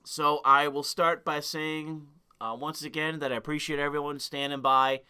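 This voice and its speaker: A young man hosts a livestream in a profane, heated rant, stumbling into restarts as he goes. His voice sits somewhat high and sounds very bright and crisp. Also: level tone, moderate pace. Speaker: livestream host. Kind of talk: ranting livestream monologue.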